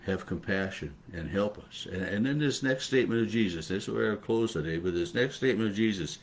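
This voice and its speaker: Speaking at a fairly low pitch, a male pastor gives a loose daily devotional on a passage of Scripture. He pauses, restarts, and leans on fillers as he ponders aloud.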